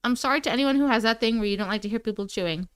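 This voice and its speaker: A woman's voice: a little high, rapid-fire, clear, resonant tone, dry recording. A woman hosting a casual livestream, greeting chatters by name in a playful, sing-song way while snacking. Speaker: livestream host.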